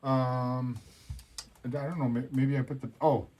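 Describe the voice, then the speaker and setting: A man's voice: medium pitch, little pitch movement, unhurried, a little mellow, slight background noise. A man talking casually while building a hobby kit, with lots of fillers and frequent swearing. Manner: casual and profane, with many fillers. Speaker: hobby vlogger.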